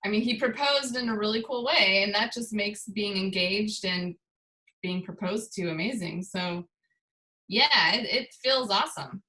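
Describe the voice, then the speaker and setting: Slow-speaking bright-voiced woman musician. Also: mid-range voice, poor audio. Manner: unhurried, thoughtful, many fillers. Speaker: musician guest. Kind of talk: casual interview.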